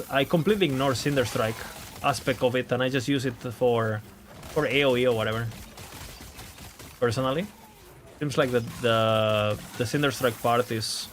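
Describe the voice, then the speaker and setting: A man's voice: mid-range voice, moderate pace, pauses often, a little hiss or hum. A man talking casually on his game stream, thinking aloud, hedging and repeating his words as he answers chat.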